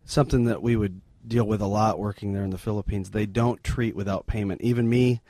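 Low-voiced man, earnest and halting. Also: steady tone, dark tone, no echo. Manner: earnest, halting, sombre retelling. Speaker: missionary guest. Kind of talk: interview storytelling.

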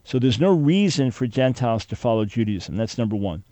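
An emphatic male radio host who talks a caller through his points with earnest, steady conviction. His voice is warm and mellow, and it is recorded dry and close with no room sound. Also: medium pitch, a little fast, no echo, dull audio. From Jewish follower of Jesus. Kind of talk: call-in radio talk.

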